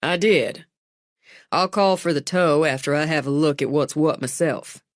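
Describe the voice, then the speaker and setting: Mild, steady small-town deputy, as a woman reads him. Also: sits low, unhurried, no echo, clean studio sound. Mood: calm, official. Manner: mild, matter-of-fact.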